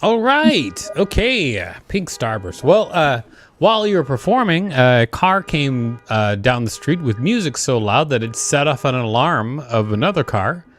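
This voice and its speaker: Male talent show host, chatty, lively pitch, faint music behind. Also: moderate pace. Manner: loose, chatty, lively delivery with fillers. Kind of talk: casual hosting banter.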